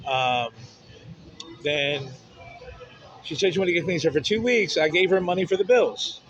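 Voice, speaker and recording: Vlogger man, fairly high voice, swears freely, emotional rambling vent, dull lo-fi sound. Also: normal speed, fairly bright tone. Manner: profane, blunt, emotional. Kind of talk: rambling personal vent to camera.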